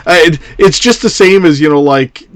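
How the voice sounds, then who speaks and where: A man's voice: a little high, normal speed, dry recording. A man hosting a casual movie podcast, talking loosely and with some swearing. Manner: loose, profane, animated delivery. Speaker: podcast host.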